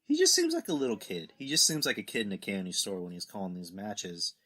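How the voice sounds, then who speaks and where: A man hosts a casual podcast, chatting with enthusiasm and laughing along with his guest. His voice is bright, and his pitch moves in a lively way. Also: fast. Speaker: podcast host.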